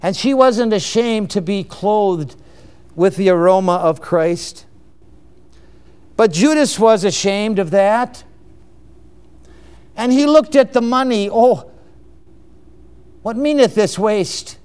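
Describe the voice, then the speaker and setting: A man preaching a sermon, emphatic and unhurried, with exclamations and chuckles. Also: sits high, lively intonation, darkish tone, smooth.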